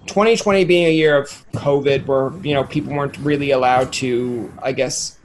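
A man's voice: medium pitch, steady tone, normal speed, slight background noise. A man hosting a casual interview, rambling and joking, often acting out other people's voices. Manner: rambling, jokey, acts out quoted voices. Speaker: podcast host.

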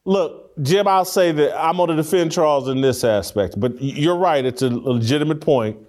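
This is a man with a slightly high voice, talking in a studio as host of an opinion show. He argues bluntly and with heavy emphasis, often restarting and repeating phrases to drive the point home. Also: normal speed, darkish tone. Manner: blunt, emphatic, repeats himself while arguing. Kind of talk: opinionated talk show commentary. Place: studio room with three people.

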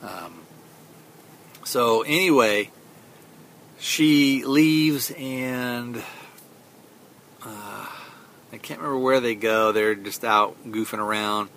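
A man's voice: mid-range voice, slow pace, pauses often, fairly bright tone, a little hiss or hum. A man hosting a podcast, casually retelling a film's plot in a rambling way, with many fillers and quoted lines. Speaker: podcast host. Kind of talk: casual film review recap.

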